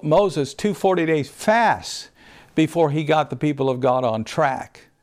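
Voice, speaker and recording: A male pastor preaching a sermon, pushing his voice up on scripture and dropping it low for stress. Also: darkish tone.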